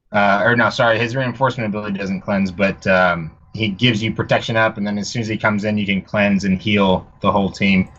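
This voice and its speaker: Lower-voiced man on dull call audio. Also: a bit bright. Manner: loose, hesitant, with fillers and self-corrections. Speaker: panelist. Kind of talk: casual live Q&A chat.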